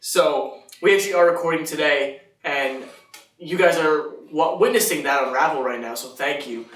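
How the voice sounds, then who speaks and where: A man's voice: on the high side, normal speed, fairly bright tone. A man co-hosting a casual sports podcast, rambling and joking, laughing often. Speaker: podcast co-host. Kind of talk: casual chat. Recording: echoey room, mic at a distance.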